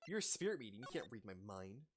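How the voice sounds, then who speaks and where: A woman voicing a dry, wry young male lawyer in a low, plain voice. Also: big pitch swings, fast, a little hiss or hum.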